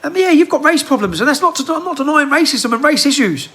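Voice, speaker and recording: High-pitched, heated Englishman ranting. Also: lively intonation, fast, bright, forceful tone. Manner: heated, ranting, rhetorical questions. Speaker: political commentator. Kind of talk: impassioned monologue to camera. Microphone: handheld phone.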